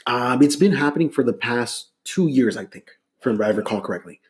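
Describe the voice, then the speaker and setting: A middle-aged man from Los Angeles, a musician, telling stories in a relaxed, casual interview. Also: medium pitch, a little fast. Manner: relaxed storyteller, many fillers and restarts. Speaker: guest musician.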